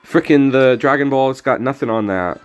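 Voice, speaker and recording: A man's voice: medium pitch, moderate pace. A young man streaming a card game, talking in a laid-back, jokey way and often mumbling his asides. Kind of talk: casual gameplay commentary. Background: faint music.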